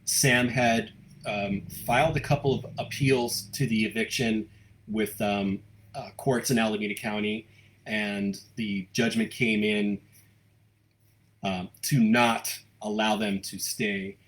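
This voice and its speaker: A man with a fairly low voice hosts a live local news stream from home. He chats casually, reads out viewer comments, and stammers through his thoughts with plenty of ums and restarts. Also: steady tone, a bit bright. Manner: halting, many fillers and restarts. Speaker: host of a local news livestream.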